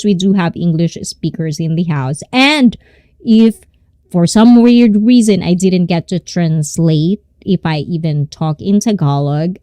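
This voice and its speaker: A woman's voice: fairly low pitch, warm tone, dry recording, clean studio sound. A woman in her thirties with a Filipino accent, hosting a casual live stream, giggling often and mixing Tagalog with English as she reads the chat. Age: 30s.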